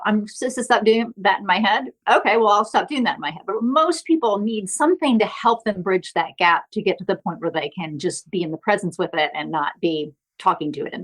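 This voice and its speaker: A middle-aged woman therapist, a podcast guest, explaining earnestly and often checking in with "right?". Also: mid-range voice. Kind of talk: podcast interview.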